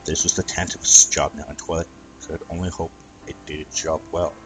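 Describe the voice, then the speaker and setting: A man reading a fan fiction story aloud as narrator, with an even storytelling manner and some stumbles. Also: extremely low pitch, fairly quick, rough recording.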